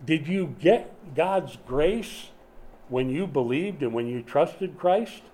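Mellow-voiced older man preaching conversationally. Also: a little high, animated, slow pace. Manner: conversational, asks the congregation questions. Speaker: pastor. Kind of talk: sermon. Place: small church during a power outage.

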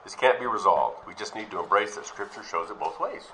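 Male preacher, low and forceful, reads verses then asks questions, faint hiss. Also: lively intonation, a little fast, low-quality recording. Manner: reads scripture aloud, then questions and explains it. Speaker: Bible teacher. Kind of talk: Bible teaching sermon.

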